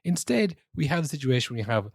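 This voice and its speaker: A man's voice: on the high side, very animated, quick pace, gravelly, slightly rough, no room sound, clean studio sound. A man in his twenties or thirties, co-hosting a podcast, ranting casually about football refereeing with lots of swearing and restarts. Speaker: podcast co-host.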